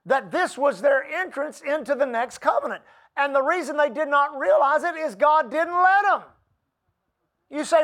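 A man preaching a sermon, reading scripture slowly and calling out to the congregation for responses. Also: very high-pitched, lively intonation, fairly bright tone. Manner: preaching with rising emphasis and call-and-response; reads scripture aloud slowly. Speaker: pastor.

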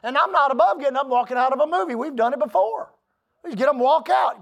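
A pastor preaching a sermon, emphatic, asking the congregation for an "Amen" and building from quiet asides to loud declarations. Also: high voice, expressive, fast talker, vocal fry.

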